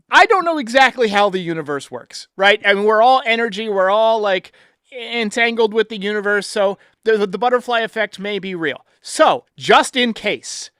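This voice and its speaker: Male sports podcast host, smooth clear voice, animated storyteller. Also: sits high, dry recording, studio quality. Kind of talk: casual sports chat.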